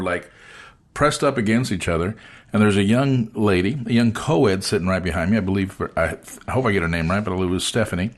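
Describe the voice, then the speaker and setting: A low-voiced host leads a casual chat, telling an animated story and acting out the voices of the people in it.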